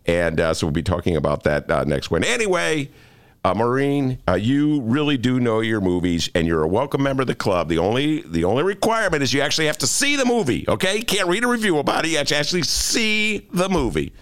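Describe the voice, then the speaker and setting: Male radio host, jokey and self-mocking, mid-pitched voice with lively swings. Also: fast, clean tone. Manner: joking, self-mocking, playful. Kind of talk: comic radio talk. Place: radio studio.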